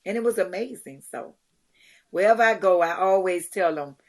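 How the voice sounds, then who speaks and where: A middle-aged woman, a charity founder, telling lively stories in a podcast interview, acting out what others said and laughing often. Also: lowish voice, normal speed. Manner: animated storyteller, acts out quotes, laughs often. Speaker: guest, community charity founder.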